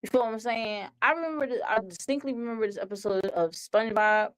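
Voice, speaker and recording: A woman's voice: a little high, fast, smooth, rough recording. A woman hosting a web talk show who rambles conversationally, padding her thoughts with "like" and "you know".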